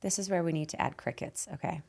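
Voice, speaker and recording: A woman from Canada hosting a podcast, her voice hoarse and raspy, talking in a bubbly, emphatic way and laughing often. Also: fairly low pitch, fast talker, a little mellow. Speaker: podcast host and life guide. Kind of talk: casual podcast chat. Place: podcast studio.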